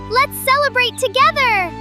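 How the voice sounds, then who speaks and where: A performer voicing cheerful tiny cartoon chicks on a farm, bubbly and exclaiming every line. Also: very high-pitched. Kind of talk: children's cartoon voice acting. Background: children's music.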